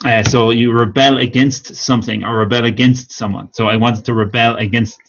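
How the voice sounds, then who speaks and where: A man teaching English online, giving patient, encouraging feedback to students and repeating corrections slowly. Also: medium pitch, steady tone. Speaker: English speaking teacher, former exam examiner. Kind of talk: live-streamed speaking feedback. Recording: dull lo-fi stream audio.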